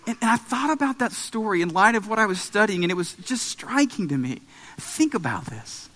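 Man, thirties, pastor preaching, high voice, animated storytelling, long hall echo. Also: a little fast. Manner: animated storytelling with emphatic rises. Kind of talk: sermon with personal story.

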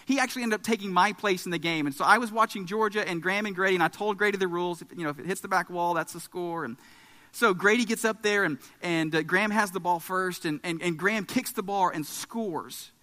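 A man in his thirties preaching a sermon, telling a family story in an animated way with emphatic rises. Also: high-pitched, quick pace. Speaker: pastor. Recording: long hall reverb.

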